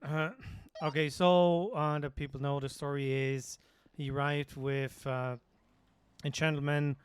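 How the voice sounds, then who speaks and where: A man's voice: on the high side, flat delivery, unhurried, clean tone. A man doing in-character police roleplay in a game, talking hesitantly with many filler sounds. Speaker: police sergeant in a roleplay server.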